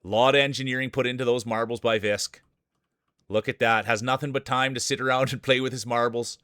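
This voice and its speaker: Man, middle pitch, dry close mic, streamer doing playful mock sports commentary on a marble race. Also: fairly even intonation, brisk, pushed and bright, smooth, no room sound. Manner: playful hype with joking announcer lines.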